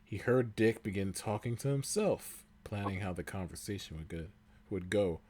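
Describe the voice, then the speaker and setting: A man's voice: lowish voice, lively intonation, normal speed, darkish tone. A man co-hosting a comedy podcast, reading fanfiction aloud and breaking into laughter and crude asides.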